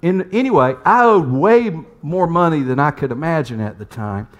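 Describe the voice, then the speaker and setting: Earnest preaching man, fairly high voice. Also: expressive, moderate pace, muffled recording. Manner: earnest, emphatic repetition. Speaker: pastor. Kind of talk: storytelling sermon.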